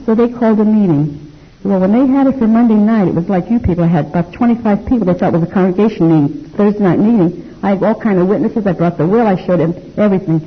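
An older woman giving a personal testimony to an audience, animated and acting out the dialogue she recalls. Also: medium pitch, fast talker, slightly rough. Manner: animated storytelling, acts out quoted dialogue. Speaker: speaker telling her life story to an audience. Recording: dull lo-fi recording.

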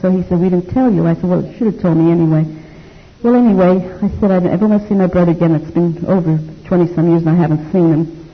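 An older woman giving a personal testimony to an audience, animated and acting out the dialogue she recalls. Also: lowish voice, fast, husky. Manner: animated storytelling, acts out quoted dialogue. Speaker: speaker telling her life story to an audience. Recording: dull lo-fi recording.

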